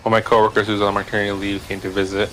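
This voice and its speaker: A man's voice: fairly low pitch, monotone, very fast, a bit bright, a little hiss or hum, rough recording. A man joining a game stream's voice chat, telling a rambling everyday story with lots of fillers. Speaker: guest on the stream. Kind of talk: casual chat.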